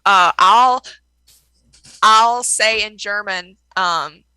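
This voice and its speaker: Woman player, slow and hesitant, bright tense tone. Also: medium pitch, clear, resonant tone, no room sound, rough recording. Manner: hesitant, giggly, many fillers. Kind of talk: tabletop role-play.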